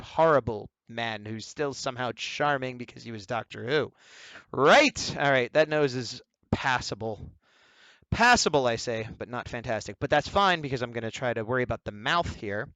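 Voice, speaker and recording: A man's voice: medium pitch, fairly quick, fairly bright tone, no echo. A man casually talking while he sketches, rambling and joking at his own expense as he explains drawing tips. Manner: rambling, jokey, self-mocking asides. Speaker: artist teaching drawing.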